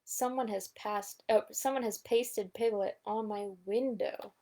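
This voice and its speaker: A woman's voice: mid-range voice, fairly even intonation, measured pace, dark tone. A woman voicing a long-winded, self-important old male owl who rambles, in a storybook read-aloud. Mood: flustered.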